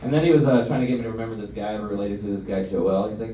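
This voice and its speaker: A young man works through a stand-up set with a deadpan, halting delivery, pausing on fillers between jokes. His voice sits a little low and is picked up from a distance. The club sounds roomy, with steady crowd noise and laughter behind him. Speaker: stand-up comedian. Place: comedy club stage. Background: audience laughter.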